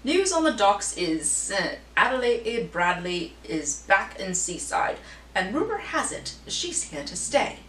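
A woman's voice: medium pitch, very animated, a little slow, a bit bright. A woman voicing a gossipy female society columnist in a put-on British-style accent, with arch, theatrical delivery. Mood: arch gossip. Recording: roomy echo, distant mic, faint hum.

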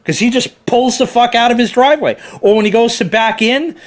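A man's voice: very high-pitched, brisk. A man telling an angry, profane story about a neighbor in a heated rant and quoting people as he goes. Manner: heated, profane, quoting others in put-on voices. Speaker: car hobbyist vlogger.

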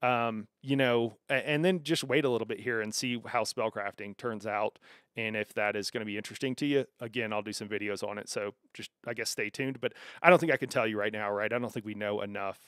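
A gaming streamer chats casually with viewers and reacts to their messages, full of fillers and restarts. His voice is lowish, fairly even in intonation, brisk and a bit bright, in a dry, studio-quality recording.

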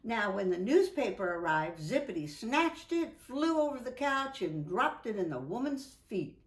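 A woman reading a children's picture book aloud, with lively, drawn-out delivery. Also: fairly high pitch, echoey room. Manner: animated, drawn-out, voices for characters. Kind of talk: children's storybook read-aloud. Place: indoors at home.

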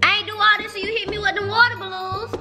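A woman's voice: extremely high pitch, level tone, fast talker. A young woman filming a prank vlog at home, teasing her boyfriend in slangy, repetitive talk. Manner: teasing, repeats herself, slangy. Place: home, indoors. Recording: echoey room with music underneath. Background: background music.

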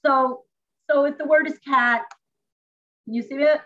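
Chatty teacher woman, fairly high voice. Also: unhurried, narrow, tinny audio. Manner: animated, chatty, explains step by step. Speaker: classroom teacher. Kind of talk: informal teaching demonstration. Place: at home.

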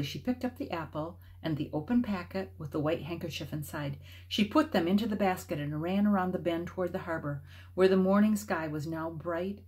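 A woman reads a children's novel aloud in a slightly low voice. Her reading is expressive and shifts with the story. It has the feel of a read-aloud meant for kids at home. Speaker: storybook reader.

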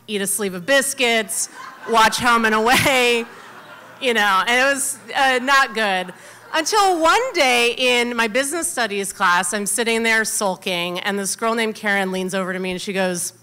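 An American woman tells a personal story live on stage. She sounds chatty and animated and leans on fillers. Her voice is bright and a little high for a woman. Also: clear, resonant tone. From United States.

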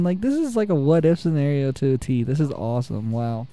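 A young man giving excitable, casual gameplay commentary, trash-talking the computer opponents and laughing often. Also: medium pitch, brisk. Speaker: gaming channel host.

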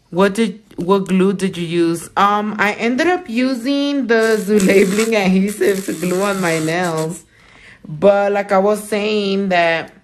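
Slow, low-voiced woman venting bluntly. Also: a little hiss or hum. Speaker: nail technician and small business owner. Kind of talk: casual livestream chat while doing nails.

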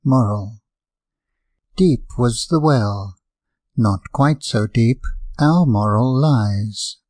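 A man reading rhyming fables as an audiobook narrator, in a measured, rhythmic verse delivery. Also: medium pitch, a little mellow, dry recording, clean studio sound.

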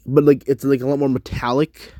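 A man rambling to his viewers while he works through a language lesson, haltingly repeating words and correcting himself. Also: mid-range voice, level tone, mellow, no room sound, studio quality. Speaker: vlogger. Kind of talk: rambling commentary while doing a language app.

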